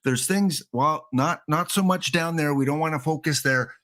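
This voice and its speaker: A man's voice: a little high, moderate pace, fairly bright tone. Rambling, playful male livestream host. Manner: rambling, playful, talks to chat. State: a bit winded. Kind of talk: casual livestream chat.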